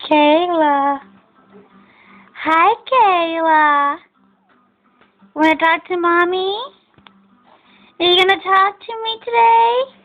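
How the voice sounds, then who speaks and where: A woman's voice: extremely high pitch, steady tone, unhurried, phone-quality sound, faint music behind. A woman talking baby talk to her infant, playful and cooing, on a home video. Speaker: mother.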